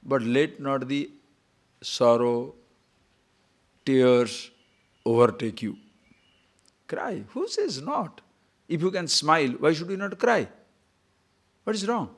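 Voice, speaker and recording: An older man giving a spiritual discourse as a teacher, animated, asking rhetorical questions and chuckling now and then. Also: fairly high pitch, takes it slowly, long pauses.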